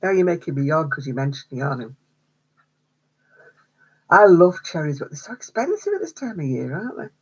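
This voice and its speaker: A woman's voice: sits low, big pitch swings, moderate pace, long pauses, husky, highs cut off. A woman hosting a craft livestream, chatting casually with viewers, answering their comments and laughing often. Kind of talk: casual chat with live viewers.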